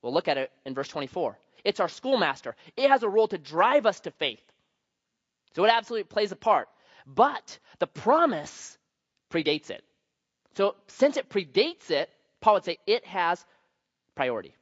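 A man's voice: high-pitched, very animated, moderate pace, dry recording. A male pastor teaches from scripture in an easy, conversational tone. He leans into key words with sudden bursts of emphasis. The recording sounds slightly muffled. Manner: conversational, emphatic, varies loudness for stress. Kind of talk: sermon with anecdotes.

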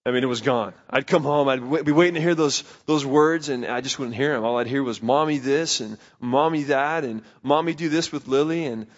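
A man's voice: mid-range voice, fairly quick, few pauses. A young man preaching a sermon, telling stories from his family life in a conversational way with a bit of self-deprecating humor. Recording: slightly dull lo-fi recording.

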